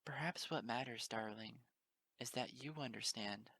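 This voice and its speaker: A man doing a gentle soothing mare pony. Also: mid-range voice, a little slow. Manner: soft, coaxing, calls others darling.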